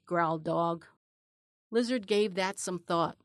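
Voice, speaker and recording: A woman narrating a children's story in a calm, even way. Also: lowish voice, takes it slowly, gravelly, dry recording, studio quality.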